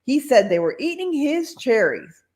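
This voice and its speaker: A woman voicing a middle-sized child in a ghost costume, telling tales excitedly. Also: high voice, normal speed, pitched above the performer's own voice.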